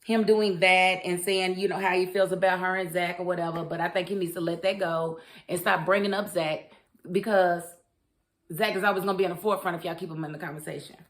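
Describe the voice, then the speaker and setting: A woman's voice: fairly low pitch, fairly even intonation, fairly quick. Opinionated woman reviewing a TV show. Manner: opinionated, talks straight to the characters. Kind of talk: casual chat.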